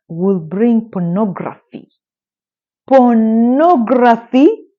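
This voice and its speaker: A woman's voice: medium pitch, dull audio. A woman telling a true story in a casual storytime style, emphatic and indignant, with rhetorical questions.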